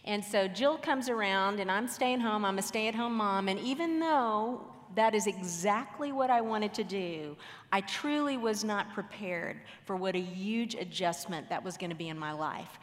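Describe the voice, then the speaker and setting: A woman's voice: medium pitch, normal speed. A woman earnestly telling an audience a personal story from her marriage, in a reflective way. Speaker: marriage speaker. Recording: reverberant hall.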